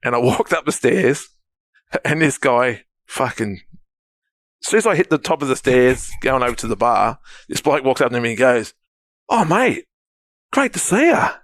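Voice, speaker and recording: A man co-hosting a casual podcast, telling an animated story, swearing freely and mimicking voices. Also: mid-range voice, normal speed, dry recording, clean studio sound. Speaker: podcast co-host.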